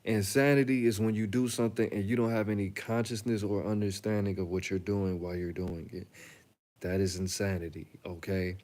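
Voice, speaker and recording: A man's voice: fairly low pitch, fairly even intonation, fairly quick, a little mellow. A young man hosting a reaction channel, talking casually and bluntly to the camera, joking and telling stories in slang. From Chicago.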